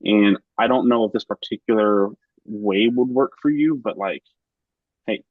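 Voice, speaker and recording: A man who works as a teacher, sharing an idea earnestly and quickly in a group chat. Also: lowish voice, dry recording, phone-quality sound. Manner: earnest, fast, ramps up as he talks. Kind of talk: casual chat.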